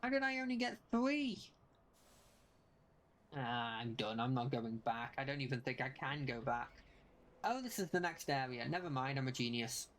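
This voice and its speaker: A young adult streamer narrates live gameplay in a mid-pitched voice, muttering to themselves and rattling off the same spell call again and again. Nearly every sentence tilts upward at the end as if it were a question. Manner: talks to self, repeats spell calls rapidly. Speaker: game streamer.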